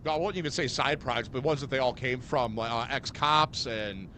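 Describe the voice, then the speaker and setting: A man hosting a podcast, telling stories in a rambling, animated way with many fillers. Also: mid-range voice, normal speed, slight background noise. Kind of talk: casual chat.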